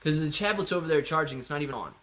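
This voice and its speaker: Excitable chatty man, higher voice. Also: very fast. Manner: chatty and excitable, thinks out loud. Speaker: livestream host answering chat. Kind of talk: casual live-stream chat.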